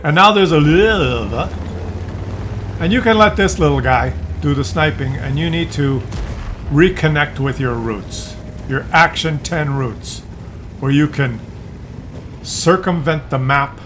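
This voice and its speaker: A man's voice: a little high, measured pace, long pauses, noisy background. A man giving casual gameplay commentary, rambling and joking as he drifts off topic. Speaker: gaming commentator.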